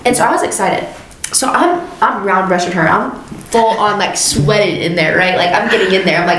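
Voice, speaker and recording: A woman's voice: mid-range voice, moderate pace, roomy sound, slight background noise, poor audio. A young woman, a hairstylist and podcast co-host, telling stories in casual chat and acting out the people in them. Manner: animated, acts out quoted dialogue, laughs often.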